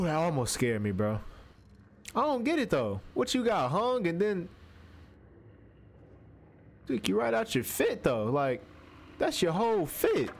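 A young man, commentating a horror game playthrough as he talks to the character on screen. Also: a little high. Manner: animated and jumpy, talking to the game character, slangy. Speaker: gaming streamer.

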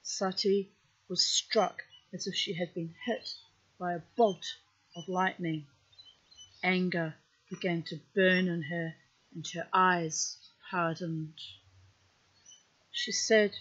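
A woman storyteller reads a myth aloud outdoors in a calm, unhurried voice, with an easygoing, chatty manner. Her tone is husky and her pitch sits low, and she reads at a very slow pace. The recording sounds dull and lo-fi. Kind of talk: reading a myth aloud with casual asides.

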